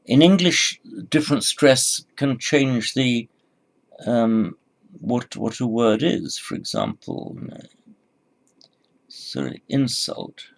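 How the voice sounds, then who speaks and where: A man teaching a recorded class, speaking in a halting way with frequent repeated words and fillers. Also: medium pitch, animated, gravelly. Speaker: Sanskrit teacher. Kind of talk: recorded lecture.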